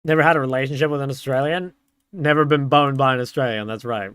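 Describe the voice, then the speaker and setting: A man's voice: medium pitch, fast talker, fairly bright tone, smooth, no room sound. A young man streaming, chatting casually and answering chat in a laid-back way.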